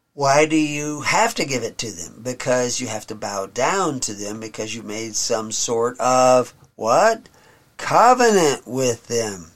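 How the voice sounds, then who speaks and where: A man gives a Bible lesson at a slow, deliberate pace. He reads the old verses solemnly and then unpacks them in everyday words, with a voice of middling pitch. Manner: reads scripture slowly and solemnly, then explains in plain talk. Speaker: Bible teacher.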